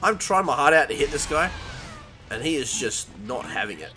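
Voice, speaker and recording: Excitable young man commentating his gameplay. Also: on the high side, measured pace. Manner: excitable, yelps and laughs while playing, talks to the game. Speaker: gaming channel host. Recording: game music behind.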